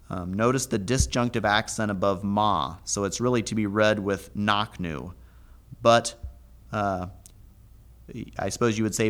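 Slow, low-voiced man teaching Hebrew. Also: fairly bright tone. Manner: methodical, reads the verses slowly aloud. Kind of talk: Bible language lesson.

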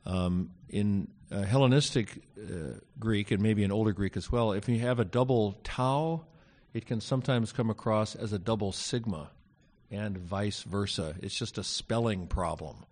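A man with a fairly low voice lectures on Greek grammar to a class. He speaks haltingly, filling pauses with fillers and slipping in wry asides. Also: darkish tone. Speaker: Greek teacher.

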